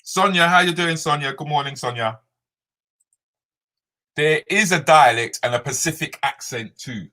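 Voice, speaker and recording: Guy hosting a live chat, mixed in, bright forward voice, ribbing everyone. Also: on the high side, moderate pace, pauses often. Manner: banters with viewers by name, slips into Jamaican patois. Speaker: comedian host moderating a live chat. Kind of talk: casual live-stream chat reading comments.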